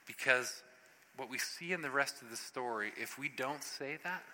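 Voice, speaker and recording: A man preaches in an animated, conversational style. His bright, forceful voice carries through a large church hall with long reverb. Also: mid-range voice, normal speed. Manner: animated, conversational, acts out scripture scenes. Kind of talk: sermon.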